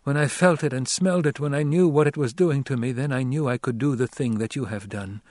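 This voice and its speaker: A man's voice: mid-range voice, fairly quick, a little mellow, no room sound, studio quality, voice pushed up, close to an everyday voice. A man reading the lines of a weakened young nobleman who speaks weakly but steadily. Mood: intense. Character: young nobleman, weak, visionary, calm.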